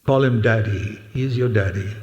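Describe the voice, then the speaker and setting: A man's voice: fairly low pitch, normal speed, darkish tone, muffled recording. An older man preaching a sermon in a church hall. He speaks earnestly and emphatically, repeats key words, and sometimes speaks directly to the children in the congregation. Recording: long hall reverb.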